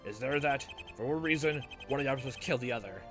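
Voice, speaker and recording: A man's voice: medium pitch, fast, close to an everyday voice. A man voicing a smug, combative male prosecutor who speaks in a brash, goading way. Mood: accusing. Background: background music.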